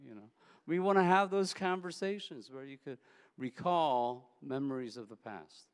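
Male preacher, sermon, conversational, repeats himself, medium pitch, echoey hall. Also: lively intonation, normal speed, clear, resonant tone. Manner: conversational, anecdotal, repeats words. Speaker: pastor.

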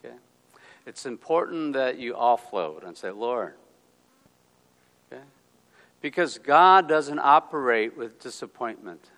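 A man preaching a sermon in a conversational way, often checking in with "okay?" and acting out the voices of people he quotes, swinging between quiet and loud. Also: medium pitch, animated, unhurried, long pauses, poor audio. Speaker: pastor.

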